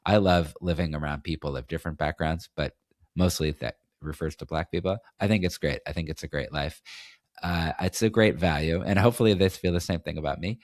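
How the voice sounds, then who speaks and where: A man's voice: very deep voice, brisk, no echo, clean studio sound. A man from New England hosting a solo podcast, talking in a rambling, opinionated way with many restarts. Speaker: podcast host. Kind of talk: casual solo podcast monologue.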